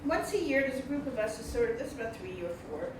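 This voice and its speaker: At a book event in an indoor reception room, an older woman gives the author a casual spoken introduction, warm and chatty and laughing a lot. Her voice is a little high and sing-song, and her pace is quick. The recording is noisy and echoey, the mic placed far away.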